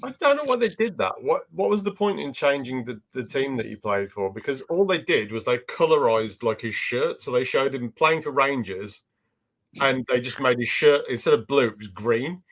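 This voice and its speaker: A man's voice: medium pitch, animated, moderate pace, fairly bright tone. Brief: male podcast co-host, conversational, opinionated, easy laugh. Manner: chatty and opinionated, laughs easily. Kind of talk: casual sports chat.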